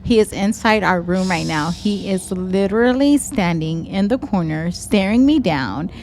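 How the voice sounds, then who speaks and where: A young woman with a Texan accent, co-hosting a podcast and telling a story in casual chat, animated, swearing freely and slipping into Spanish phrases. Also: mid-range voice, measured pace, slight background noise. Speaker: podcast co-host.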